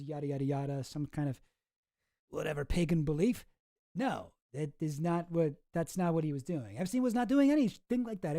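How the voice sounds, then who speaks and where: A man's voice: on the high side, mellow, no echo, clean studio sound. A man streaming, casually reacting to clips with sarcastic, rambling commentary and many restarts.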